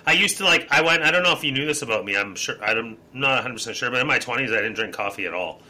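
Man from Canada, very bright voice, casual animated chat. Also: mid-range voice, fast talker, rough recording. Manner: animated storyteller, slips into put-on voices.

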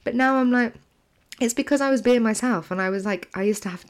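A woman's voice: fairly high pitch, quick pace. A woman co-hosting a podcast in casual chat, talking freely and laughing often. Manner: chatty, laughs often, uses "like" a lot. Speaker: podcast co-host.

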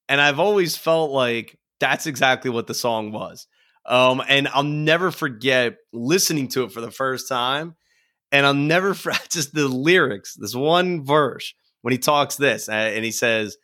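A man guesting on a music podcast, talking in an animated, rambling way full of "like" and bursts of laughter. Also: mid-range voice, a little slow. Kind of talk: casual music podcast chat.

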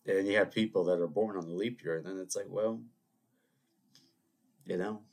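A man's voice: low voice, fairly even intonation, moderate pace, a little mellow. A man hosting a solo podcast, sniffly from a cold, chatting in a rambling, digressive way with joking asides to his listeners. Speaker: podcast host.

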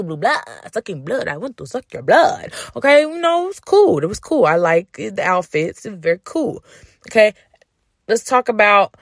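A woman's voice: mid-range voice, a bit bright, dry recording, studio quality. A woman hosting a casual celebrity gossip podcast, brash and profane, ranting and joking. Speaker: podcast host.

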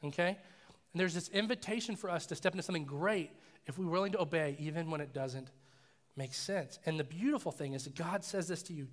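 A pastor preaching a sermon in a loose, casual way, telling stories and acting out voices in them. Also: male voice, on the high side, a little fast, long reverb tail. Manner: casual, animated storytelling with acted voices. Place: church sanctuary.

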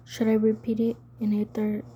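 A woman's voice: mid-range voice, completely flat delivery, moderate pace, warm tone, slightly rough. A woman reading the lines of a hostile, sneering teenage boy in an audiobook. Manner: taunting, sneering.

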